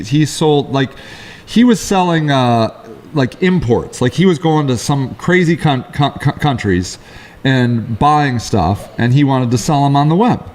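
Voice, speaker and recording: A middle-aged man co-hosting a casual talk show, telling rambling stories in quick, lively bursts. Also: mid-range voice. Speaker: co-host. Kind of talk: casual chat.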